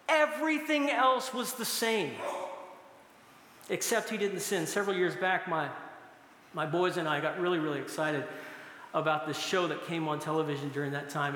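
A middle-aged man preaches to a congregation in a large hall. His voice is high and bright, and a long, roomy reverb trails after each phrase. He moves between solemn teaching and playful storytelling. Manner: storytelling with bursts of laughter. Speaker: pastor. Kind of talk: sermon.

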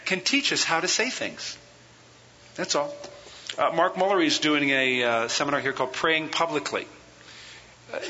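A man's voice: fairly high pitch, pushed and bright. A man teaching a church seminar on worship. He reads quotations aloud, explains them, asks the audience questions and has them repeat phrases, with dry jokes along the way. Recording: muffled hall recording with hiss.

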